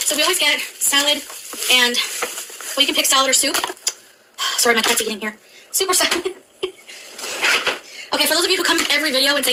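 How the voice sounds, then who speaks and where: A woman's voice: sits high, quick pace, pauses often, heavy background noise. A woman chatting casually on her eating vlog in a giggly, chatty way. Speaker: food vlogger.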